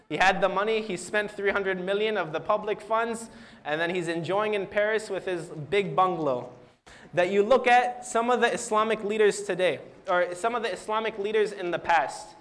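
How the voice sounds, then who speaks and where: High-voiced young man telling religious stories. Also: fairly bright tone. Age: young adult. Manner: earnest storyteller who acts out quoted dialogue; repeats and restarts words. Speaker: youth speaker. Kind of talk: religious storytelling talk.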